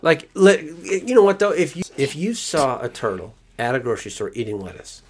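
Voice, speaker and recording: A man's voice: on the high side, moderate pace, slightly rough. A man co-hosting a casual podcast with his child, talking in a playful, teasing way with jokey interruptions. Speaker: podcast co-host and parent.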